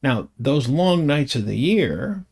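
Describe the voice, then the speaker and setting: A man's voice: medium pitch, sing-song, slow pace, a little mellow, slightly rough. An older man talking to his camera at home in a chatty, meandering, self-deprecating way, with chuckling asides. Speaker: vlogger. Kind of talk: rambling casual monologue.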